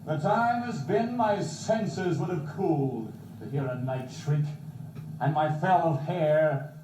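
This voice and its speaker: An actor playing Macbeth, a proud, doomed king grown numb, with a slow, grave stage delivery, heard in an echoey, distant film soundtrack. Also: fairly high pitch, warm tone, a little hiss or hum. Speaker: actor in a filmed play.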